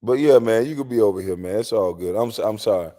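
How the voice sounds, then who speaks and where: A man's voice: on the low side, quick pace, dark tone. A man hosting a casual comedic livestream, rambling with lots of fillers and frequent laughter. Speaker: livestream host. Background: faint music in the background.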